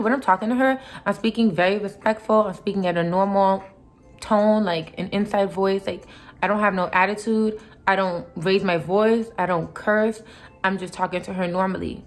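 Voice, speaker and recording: A young woman tells a story straight to her viewers in a loose, conversational vlog style. She sounds fired up and animated, with lots of asides and quoted back-and-forth. Her voice sits at an ordinary middle pitch for a woman. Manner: animated, heated retelling with frequent "like" and mock quotes. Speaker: vlogger.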